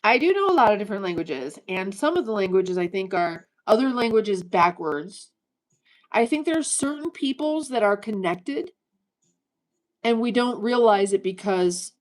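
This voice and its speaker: A woman in her fifties hosts a casual livestream in a mid-pitched voice. She rambles from thought to thought, cracks jokes and keeps talking straight to her viewers. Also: rough recording. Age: 50s.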